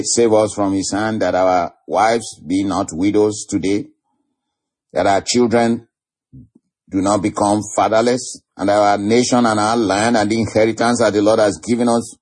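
A man's voice: fairly low pitch, a little mellow, slightly rough. A man preaching a sermon, laughing often and drawing out key phrases for emphasis.

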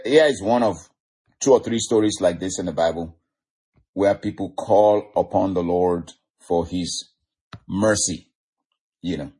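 Male preacher, fervent storyteller, husky lowish voice, peppers talk with "you know". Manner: fervent, frequent "you know" fillers, rising to excited cries. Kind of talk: sermon.

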